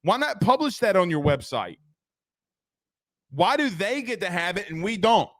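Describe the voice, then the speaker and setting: A man's voice: sits high, sing-song, moderate pace, a bit bright, dry recording, clean studio sound. A man hosting a casual postgame sports talk show, ranting animatedly and reading out viewer comments.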